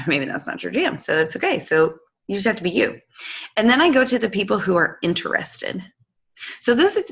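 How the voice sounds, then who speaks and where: Gravelly low-voiced woman giving a casual tutorial. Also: dull audio. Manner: chatty, affectionate, loose with fillers. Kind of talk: casual screen-share tutorial.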